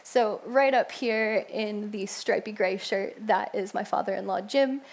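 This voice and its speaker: A young woman with a New York accent talks through her faith story in a chatty, loose way, full of fillers and asides. Her voice has a gravelly, fry-tinged edge. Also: mid-range voice, unhurried. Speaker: church member sharing testimony. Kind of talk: personal testimony talk.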